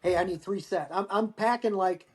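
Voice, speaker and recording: Middle-aged man, fairly high voice, profane storyteller on a remote call. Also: moderate pace. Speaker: guest, Marine veteran. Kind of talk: casual storytelling interview.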